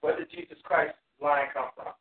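Bible teacher on an echoey phone line. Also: male voice, fairly high pitch, big pitch swings, far from the mic. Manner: reads verses in slow, measured King James phrasing, then explains plainly with fillers. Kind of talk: reading scripture aloud and explaining it. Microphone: phone or call line. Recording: tinny phone line with roomy echo.

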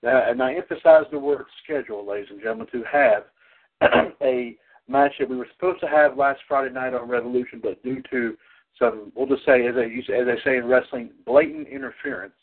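A man hosting a wrestling call-in podcast, rambling with many restarts and repeated "ladies and gentlemen". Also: mid-range voice, steady tone, brisk. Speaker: podcast host. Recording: tinny phone-line audio.

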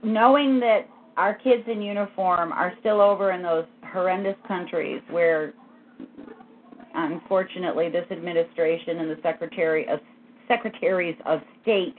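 A woman co-hosting a political history podcast, talking in a halting, earnest way with many restarts. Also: lowish voice. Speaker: podcast co-host. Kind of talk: casual political history chat. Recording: tinny phone line with faint noise.

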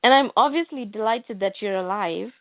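Guarded sharp lady reporter read by a woman, tinny dry phone audio. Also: medium pitch, moderate pace, no room sound, close to an everyday voice. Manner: light read-aloud of comic dialogue.

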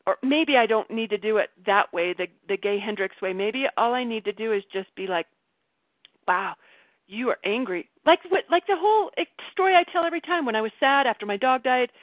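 A woman with a fairly high voice leads a relaxed group coaching call, animated and quick to laugh at herself. The sound is dry and thin, as if over a phone line. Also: dry recording. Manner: animated, laughs often, self-mocking. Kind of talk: casual group coaching chat.

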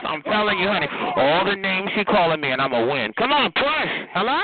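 A man trash-talking on a phone party line, sassy and flamboyant, calling everyone child and honey. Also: on the high side. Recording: tinny phone line with loud crowd noise.

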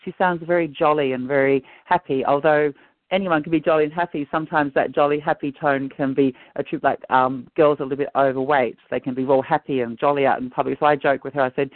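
A man's voice: medium pitch, steady tone, brisk, dry recording. A man calling in as a guest, telling his story in a chatty, joking, run-on way. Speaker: guest caller. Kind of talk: casual call-in chat. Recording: phone-line audio.

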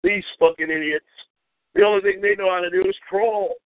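A man's voice: high-pitched, fairly even intonation, brisk, no room sound. A man hosting a call-in radio show, delivering an angry, profane, mocking rant. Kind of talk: ranting call-in radio monologue. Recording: tinny phone-like audio.

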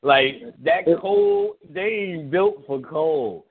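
Animated, cursing man telling stories. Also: on the high side, husky. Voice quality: animated, profane, fast-shifting delivery. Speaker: radio show guest. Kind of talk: casual profane storytelling. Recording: phone-like radio audio.

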